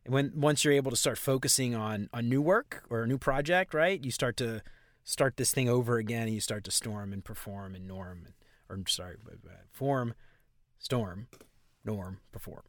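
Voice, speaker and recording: A man's voice: mid-range voice, normal speed, dry recording. Laid-back New Orleans man, dry sound. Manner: rambling, laughs often, self-correcting. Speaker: podcast co-host. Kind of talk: casual chat.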